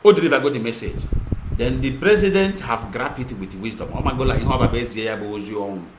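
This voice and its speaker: A mid-range voice speaking fast belongs to a man with a Nigerian Igbo accent, an activist broadcaster giving an impassioned monologue. He mixes English and Igbo and repeats himself, and the recording has echo and clear noise.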